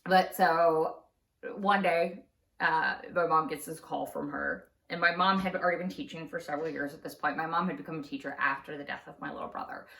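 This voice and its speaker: A woman telling a true story in a casual storytime vlog, chatty and quick to laugh, recorded in an echoey room. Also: low voice, fairly even intonation, gravelly, fairly bright tone, far from the mic. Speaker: craft channel host. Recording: roomy echo.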